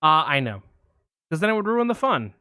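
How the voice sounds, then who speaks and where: Animated male podcast co-host telling a story. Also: on the high side, fairly quick, clear, resonant tone, no room sound, studio quality. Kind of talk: casual chat.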